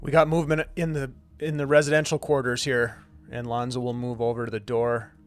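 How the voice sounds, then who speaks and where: Smooth-voiced man playing a tabletop game. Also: medium pitch, flat delivery, a little fast, faint music behind. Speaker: player.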